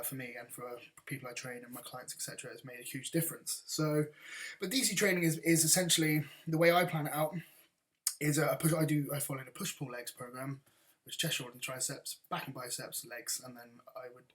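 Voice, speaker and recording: Chatty bodybuilder man. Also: mid-range voice. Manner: casual, chatty, blunt, rambling. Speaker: bodybuilder and coach. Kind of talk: vlog answering viewer questions.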